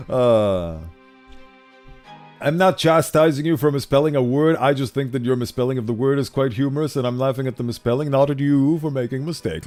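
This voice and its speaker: A man streaming a game, chatting casually and animatedly, self-deprecating and quick to laugh. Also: medium pitch. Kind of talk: casual commentary while playing.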